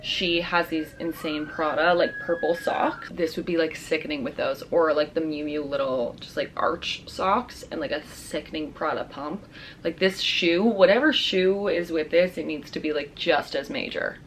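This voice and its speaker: A young woman with a slightly low voice chats through a fashion haul, bubbly and gushing, peppering every sentence with "like" and trendy slang. Faint background noise sits under her voice. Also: moderate pace. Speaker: fashion vlogger. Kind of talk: casual try-on haul chat.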